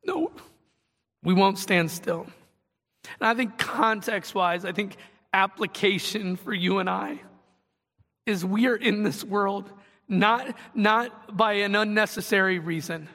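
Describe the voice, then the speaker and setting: A man's voice: sits high, slow, pushed and bright, long reverb tail. A man preaching a sermon as pastor, earnest and conversational, building to passionate emphasis.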